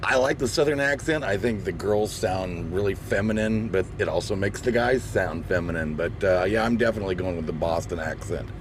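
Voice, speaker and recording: A man's voice: low voice, brisk, few pauses, background noise. A man leaving a casual recorded voice message for a radio show. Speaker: caller.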